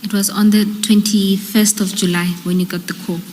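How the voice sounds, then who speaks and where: A woman questions a witness at an inquiry in a polite, procedural way. Her pitch barely moves and stays level. Her voice rings with a long reverb, and faint background noise sits beneath it. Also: little pitch movement, fairly quick, a little mellow. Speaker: evidence leader questioning a witness.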